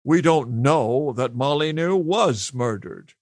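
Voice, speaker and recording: A man's voice: mid-range voice, animated, slow pace, no echo, clean studio sound, voice pushed up. A man voicing a pompous, blustering older governor who speaks weightily with heavy emphasis. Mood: pompous indignant.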